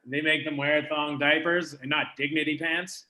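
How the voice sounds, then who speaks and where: A young man from Canada performs a live stand-up set, and his voice sits a little high with a bright, forward tone. He talks casually and makes fun of himself between punchlines, and faint noise runs under the recording. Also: little pitch movement, normal speed. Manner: self-deprecating, conversational punchlines. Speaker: stand-up comedian. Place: comedy venue with live audience.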